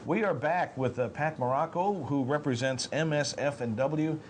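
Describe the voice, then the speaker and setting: A man's voice: a little high, moderate pace, music in the background. Affable talk show host, man. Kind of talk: casual talk show interview.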